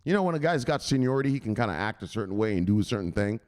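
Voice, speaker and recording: A man hosting a crypto news livestream, chatting with viewers in a loud, profane, excitable way. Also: on the low side, rapid-fire. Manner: profane, excitable, shouting "bang!" often.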